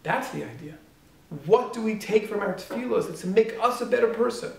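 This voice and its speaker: Man, rabbi, sermon, rhetorical questions, loud-to-hushed swings, roomy echo, off-mic. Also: high-pitched, a little fast, creaky. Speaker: rabbi teaching at a yeshiva. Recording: echoey room, speaker far from mic.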